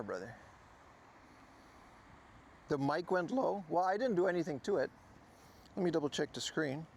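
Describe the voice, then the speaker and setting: A man hosts an outdoor livestream by the sea, with his voice sitting a little high. He chats to viewers in a relaxed way while sorting out a mic clipped to his hat. A faint wind noise runs under his voice. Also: creaky. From Netherlands. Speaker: livestream host. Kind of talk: casual IRL livestream talk. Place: outdoors by the ocean. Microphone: clip mic on his hat.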